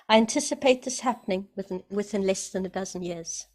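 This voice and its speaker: A woman giving emphatic, excited spoken commentary, often repeating herself for emphasis. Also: medium pitch, brisk, hardly any pauses. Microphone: computer mic, camera off.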